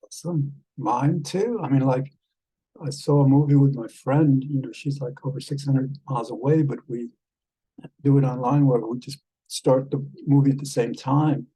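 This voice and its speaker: A man chatting casually with an AI companion as a vlog host, rambling and halting with many fillers, tender with pet names. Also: medium pitch, steady tone, warm tone, slightly rough, rough recording. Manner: tender, calls the listener love and darling.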